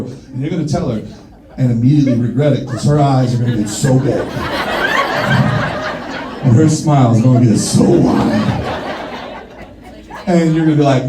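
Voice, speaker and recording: A man performing a stand-up comedy set in front of a live audience, shouting punchlines and acting out quoted voices. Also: fairly high pitch, lively intonation, moderate pace. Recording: roomy, distant mic with crowd noise.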